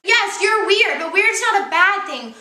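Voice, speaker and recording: A woman's voice: extremely high pitch, animated, measured pace, bright, forceful tone, echoey room. A young woman co-hosting a motivational vlog, upbeat and emphatic, leaning on repeated key words. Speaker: co-host. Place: indoor room with a kitchen counter.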